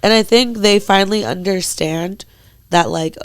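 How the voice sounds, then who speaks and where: A young woman co-hosting a chatty podcast, telling a story with lots of energy. She swears freely and slips into the voices of the people she quotes. Her voice sits at a middle pitch, recorded close and dry with almost no room sound. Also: normal speed, clear, resonant tone, dry recording. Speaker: podcast co-host. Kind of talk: casual storytelling chat.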